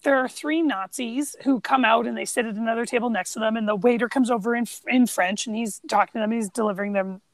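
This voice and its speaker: A woman co-hosting a podcast in casual chat, retelling film scenes as an animated storyteller who acts out the quotes. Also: fairly high pitch, fast, few pauses, no room sound. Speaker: podcast co-host.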